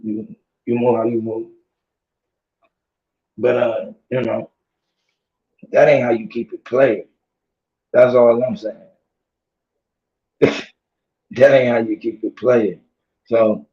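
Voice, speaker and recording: A man ranting casually to his audience in heavy slang, laughing and repeating himself, his voice strained from yelling. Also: mid-range voice, reverberant. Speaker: vlogger. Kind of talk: casual rant to camera. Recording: dull lo-fi audio.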